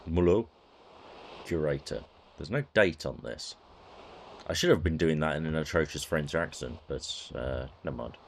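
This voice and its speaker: A man's voice: extremely low pitch, vocal fry, background noise. A man casually commenting on a retro adventure game, wry and self-mocking. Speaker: let's-play host.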